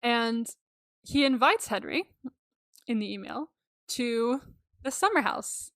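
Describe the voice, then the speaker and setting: A woman's voice: a little high, expressive, slow, fairly bright tone, dry recording, studio quality. A woman co-hosting a podcast, chatting and rambling as she recaps a film. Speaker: podcast co-host. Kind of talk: casual chat recapping a film.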